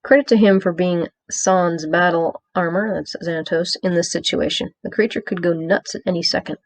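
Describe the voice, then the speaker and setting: A woman with a fairly low voice reads her own episode review aloud. She moves through the plot summary with wry, sarcastic asides and small stumbles. The sound is close and dry. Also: steady tone, normal speed, dry recording. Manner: reads from a script with small hesitations. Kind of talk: read-aloud review with commentary.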